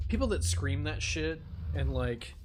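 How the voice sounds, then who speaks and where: A man streaming and ranting casually, swearing and laughing often as he talks. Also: a little high. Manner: profane, animated, laughing often. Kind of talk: casual rant while gaming.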